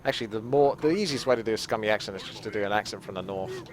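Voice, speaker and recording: A man's voice: fairly low pitch, very fast, crowd noise. A British man commenting on his game in a casual, cheeky and rambling stream chat, swearing freely. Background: game music.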